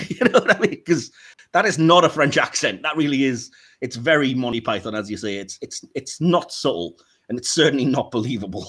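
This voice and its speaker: A man co-hosting a podcast in casual chat, animated and laughing often as he rants. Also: mid-range voice, a little fast, breathy edge. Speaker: podcast co-host.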